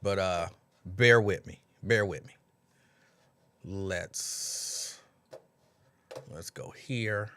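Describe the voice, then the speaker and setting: A man's voice: low voice, very slow, pauses often, clean tone. A man hosting a casual late-night livestream, chatty and repetitive, breaking into laughs and mimicking people. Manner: animated, laughing, repeats lines, mimics others. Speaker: host.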